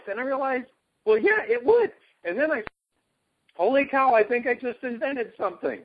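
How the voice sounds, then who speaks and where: Over a call line with dull, lo-fi phone audio, a man who is a guest self-help coach explains his ideas in an animated, conversational way. He speaks at a normal speed with a breathy edge, sounding enthusiastic and emphatic, jumping in pitch on key words.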